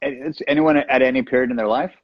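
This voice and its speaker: A man chatting as a guest over a video call, playful and joking, with quick asides. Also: mid-range voice, highs cut off. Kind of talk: casual chat.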